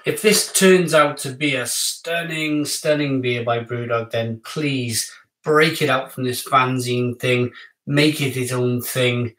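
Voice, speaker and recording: A man talks excitedly and casually to his live-stream viewers as he reviews craft beers. His voice is bright and slightly high for a man, and his delivery is slow and unhurried. He sounds distant from the mic, in a room with noticeable echo.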